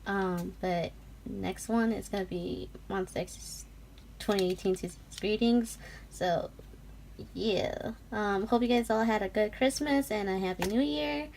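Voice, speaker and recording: A young woman vlogger chatting casually through an unboxing, gushing and giggling, often dropping to a soft whisper. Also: medium pitch, measured pace, creaky, a little hiss or hum.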